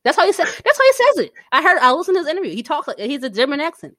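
A woman co-hosting a casual podcast, talking in an animated, blunt and slangy way. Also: sits high, racing, no echo, clean studio sound. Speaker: podcast co-host.

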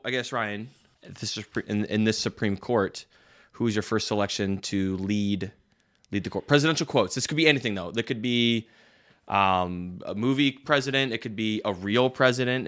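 A man hosting a podcast in a relaxed, chatty way. He sounds upbeat and brisk. His voice is bright and forceful and sits somewhat low. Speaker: podcast host. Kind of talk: casual chat.

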